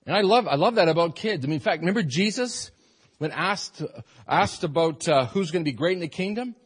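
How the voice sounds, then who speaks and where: A man preaching a sermon as pastor, animated and rising into emphatic bursts. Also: a little high, brisk, breathy edge.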